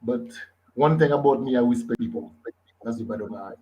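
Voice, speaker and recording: A man's voice: medium pitch, brisk, warm tone, lo-fi sound. A man from Haiti with a Haitian accent, answering interview questions in a blunt, confident, emphatic way. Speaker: guest author.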